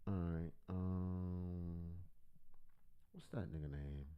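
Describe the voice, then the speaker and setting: A man's voice: low-pitched, fairly even intonation, extremely slow, clear, resonant tone, muffled recording. A man hosting a livestream, reacting to videos with rambling, profane, joking commentary. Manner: profane, rambling, jokey, loud swings in volume.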